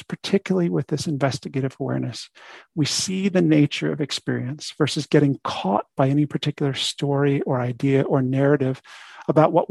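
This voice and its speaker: A man's voice: fairly high pitch, gravelly, darkish tone, slightly rough, dry recording. A man teaching a meditation talk in a conversational way, often checking in with "right?". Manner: conversational, frequent "right?" asides. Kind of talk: dharma talk.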